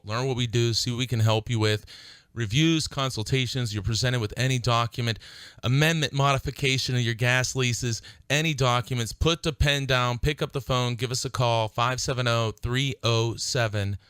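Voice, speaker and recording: Emphatic bright-voiced man on the radio. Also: mid-range voice, clean tone, no room sound. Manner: emphatic, fired-up, repeats points for stress. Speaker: radio show host and attorney. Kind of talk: call-in style legal advice radio talk.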